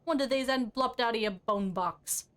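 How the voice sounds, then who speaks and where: A woman's voice: fairly high pitch, normal speed, a bit bright, natural voice. Sing-song old crone, as a woman puts her on. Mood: muttering. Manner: sing-song muttering, talks to herself in broken grammar. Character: sour old woman corpse-robber, mumbling, sing-song.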